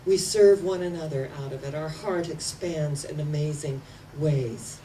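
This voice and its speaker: A woman's voice: low voice, measured pace, warm tone. A woman in her sixties, a minister, preaching a sermon from a platform, emphatic and repeating words for effect. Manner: emphatic, repeating words with rising and falling intensity. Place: church platform. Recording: distant mic with faint room noise.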